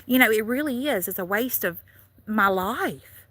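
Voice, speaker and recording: A woman's voice: a little high, expressive, measured pace, fairly bright tone. A woman from Louisiana with a Southern accent, chatting on a casual live stream, rambling and laughing often. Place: in and around a car.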